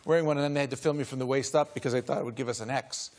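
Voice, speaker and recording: A man's voice: medium pitch, fairly even intonation, racing. A man appearing as an actor guest on a talk show, telling a rambling, self-deprecating anecdote full of restarts. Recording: studio with loud audience.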